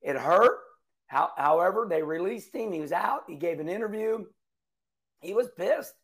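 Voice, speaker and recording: A middle-aged man, talking casually about racing with folksy, animated storytelling. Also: high-pitched, moderate pace. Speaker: racing commentator. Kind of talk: casual monologue.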